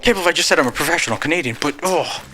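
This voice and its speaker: Excitable young man with a lively voice. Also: a little high, racing. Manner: excitable, exclaims and talks to himself. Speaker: gaming video creator. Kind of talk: let's-play commentary with voice-over narration.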